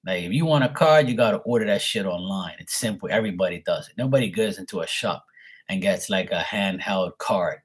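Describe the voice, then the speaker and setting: Man, low voice, swearing, amused, casual storytelling. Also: a little fast, breathy edge. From Bermuda. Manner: profane, blunt and amused. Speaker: host.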